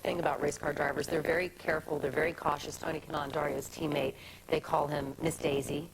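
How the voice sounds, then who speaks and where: A woman, a talk show guest telling lively anecdotes and acting out quotes. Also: low voice, very noisy. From Kentucky. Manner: lively, quick storyteller who acts out quotes.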